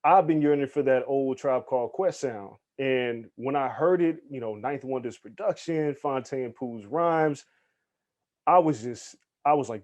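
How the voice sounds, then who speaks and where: A man guesting on a podcast interview, telling stories in an animated, casual way, acting out the people he quotes and swearing freely. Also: a little high, moderate pace. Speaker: guest, hip hop journalist.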